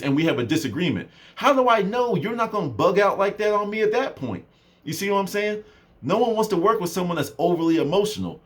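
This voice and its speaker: A young man with a high voice talks briskly to camera, a self-improvement vlogger casually telling a story. He's animated and uses a lot of fillers.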